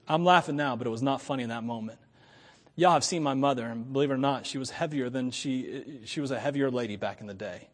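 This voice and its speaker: A man's voice: medium pitch, a little fast. Storytelling male pastor in a reverberant hall. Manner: swings from hushed asides to loud preaching; laughs at his own stories. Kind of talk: storytelling sermon. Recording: long reverb from a large hall.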